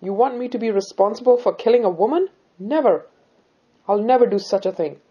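A woman reading the part of an enraged male jailer who shouts indignantly. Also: fairly high pitch, animated, a little fast, slightly rough, dull audio, voice pushed up. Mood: angry. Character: enraged middle-aged male jailer, proud and flustered.

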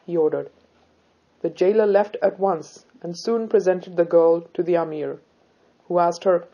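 A woman telling a story in an even, measured narration. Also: on the low side, dull audio. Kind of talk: scripted narration.

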